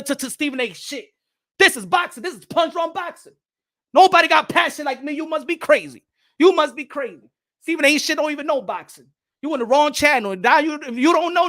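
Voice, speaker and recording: Boxing channel host, Puerto Rican New Yorker, high voice, loud boastful casual rant mixing in Spanish. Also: male voice. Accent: New York Puerto Rican. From Puerto Rico.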